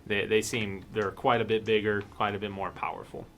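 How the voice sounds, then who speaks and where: Laughing game master running a tabletop game. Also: male voice, on the low side, flat delivery, a little fast, a bit bright, slight background noise. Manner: laughs often, swears casually.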